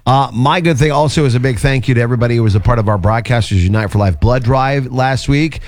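Male radio host, mid-pitched, announcer delivery, studio mic. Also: fast talker, dry recording. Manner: announcer-like, reads shout-outs and plugs. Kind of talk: upbeat morning radio segment. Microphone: studio microphone.

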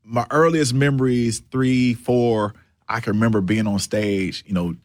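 Male host asking questions haltingly, casual and dry. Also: medium pitch, steady tone, dry recording. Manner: halting, restarts his questions. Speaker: interviewer.

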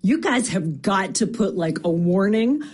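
A woman with a husky voice leaving an excited, gushing voicemail for a radio show. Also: mid-range voice, unhurried. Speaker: caller leaving a voice message. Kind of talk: recorded listener voicemail.

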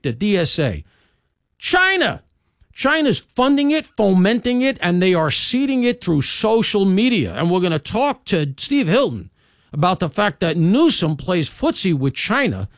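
A man hosting a talk radio show, delivering an animated, opinionated monologue with conversational asides. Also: high voice, dry recording, clean studio sound. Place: radio studio.

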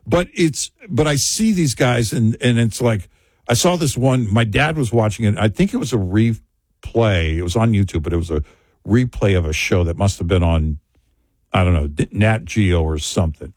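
A man's voice: on the low side, lively intonation, normal speed, darkish tone, dry recording. A man co-hosting a talk radio show in a studio, telling rambling, joking stories and laughing often. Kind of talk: casual talk radio chat.

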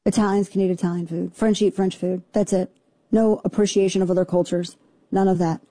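A woman hosting a talk radio show, ranting sarcastically about the news with quick asides. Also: lowish voice, flat delivery, mellow, no room sound. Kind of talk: opinionated political talk radio.

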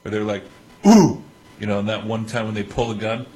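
A man co-hosting a radio show, chiming in with quiet, offhand remarks. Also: on the low side, level tone, fast talker, rough recording. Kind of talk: casual on-air chat.

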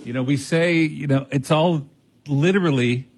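A man's voice: a little high, moderate pace, darkish tone, breathy edge, no room sound. A man co-hosting a talk radio show, rambling with hesitant fillers. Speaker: radio co-host. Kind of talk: casual talk radio chat.

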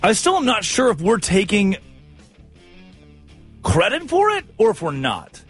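A man hosting a sports talk show, telling stories in animated, jokey, rambling banter. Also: sits high, unhurried, breathy edge, faint music behind. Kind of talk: casual comedic radio banter.

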